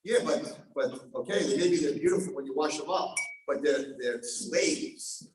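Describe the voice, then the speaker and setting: High-pitched guy telling a story, super echoey hall, acts out the voices, quiet then loud. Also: a little slow, distant mic, a little hiss or hum. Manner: acts out voices, swings from hushed to shouting. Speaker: daf yomi teacher. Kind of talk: sermon storytelling.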